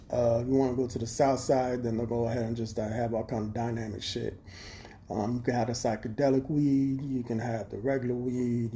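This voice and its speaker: Profane man with a mellow voice. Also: medium pitch. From Chicago. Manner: profane, blunt and streetwise. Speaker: livestream host. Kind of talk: rambling livestream monologue. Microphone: phone camera.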